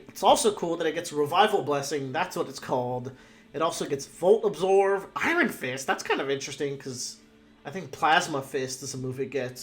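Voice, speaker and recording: A man in casual, rambling commentary, ranking a full list of creatures with frequent swearing and fillers. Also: a little high. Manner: laid-back, profane, rambling with fillers. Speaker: podcast host ranking game creatures.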